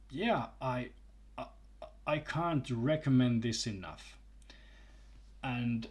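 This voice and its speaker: Slow, stammering man reviewing a book. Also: medium pitch. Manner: halting, stammers and restarts. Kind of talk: casual video review with a read excerpt.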